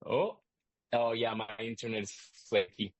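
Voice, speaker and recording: A man hosting a live online class, explaining excitedly with lots of restarts and asides. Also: lowish voice, normal speed, dry recording, dull audio. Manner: energetic, rambling, lots of restarts. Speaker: host and instructor. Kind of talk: live webinar teaching.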